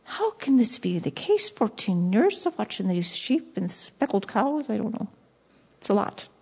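A woman preaching a devotional sermon, passionate, dropping to soft whispers and rising to intense bursts. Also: medium pitch, very animated, measured pace, vocal fry, husky. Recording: dull lo-fi recording.

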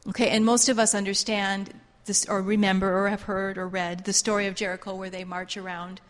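A woman's voice: mid-range voice, little pitch movement, a little fast. A woman teaching a Bible class in a fervent, repetitive preaching style. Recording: long hall reverb.

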